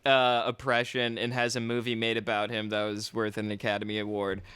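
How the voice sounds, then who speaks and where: Co-host, man, bright voice, dry riffing, dry close sound. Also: fairly low pitch, completely flat delivery, fairly quick, clear, resonant tone, dry recording. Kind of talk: casual chat.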